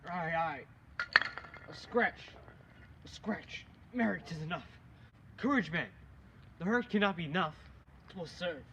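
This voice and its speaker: A young man, a student actor, reciting Shakespearean street-quarrel scenes in a quick exchange. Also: high voice, lively intonation. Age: young adult. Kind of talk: amateur Shakespeare scene acting. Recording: dull lo-fi recording with loud noise.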